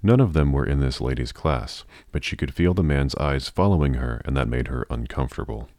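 Very deep-voiced male narrator. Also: fairly quick, darkish tone, no room sound, studio quality. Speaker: audiobook narrator. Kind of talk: scripted narration of a novel.

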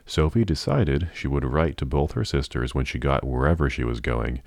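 A man narrating a novel in a measured, even storytelling manner. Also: very deep voice, vocal fry, no echo. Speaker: audiobook narrator.

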